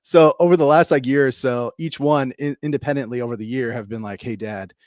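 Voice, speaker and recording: A man's voice: medium pitch, fast, darkish tone, no room sound. Regular guy co-host telling a story on a podcast, dry close sound. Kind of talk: casual podcast chat.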